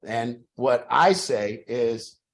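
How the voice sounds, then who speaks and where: A man's voice: medium pitch, expressive, drawn-out words. A man leading a support group, talking emphatically, repeating key phrases with restarts and the odd swear word. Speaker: group leader. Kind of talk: motivational group talk.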